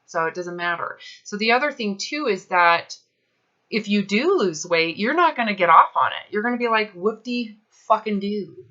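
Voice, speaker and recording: A woman's voice: mid-range voice, very animated, moderate pace, sharp tone, muffled recording. A woman coaching a client, talking bluntly and emphatically and swearing casually. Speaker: health coach. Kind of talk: coaching session.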